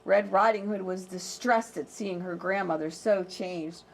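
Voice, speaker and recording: A woman who teaches preschoolers, reading a storybook aloud and teaching a lesson in a slow, gentle, expressive way. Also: on the low side.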